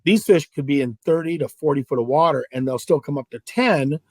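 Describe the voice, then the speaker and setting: A middle-aged Southern California angler, appearing as a guest in a casual interview, tells fishing stories in a fairly high, brisk voice. He's animated and acts out the dialogue, and the studio-quality recording has no echo.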